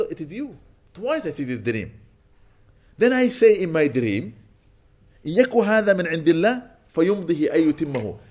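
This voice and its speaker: A man with a fairly high, darkish voice delivers an Islamic lecture as a sheikh. His sermon takes the form of storytelling, quoting Arabic and then translating it.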